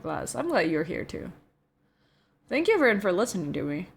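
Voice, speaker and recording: A young adult woman streaming, chatting casually with her viewers in a relaxed, drawling way, often saying "bro" and yawning. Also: on the low side, moderate pace, vocal fry, slightly rough. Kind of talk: casual chat with viewers, reading chat aloud.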